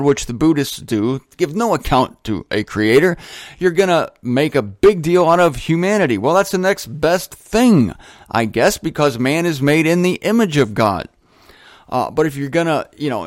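A man's voice: on the high side, no room sound. Male show host, casual and joking monologue, dry close sound. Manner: chatty, joking asides.

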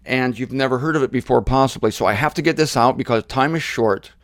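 A middle-aged man preaching an informal sermon series, conversational and animated, mimicking his critics. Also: mid-range voice, fast, no echo, studio quality.

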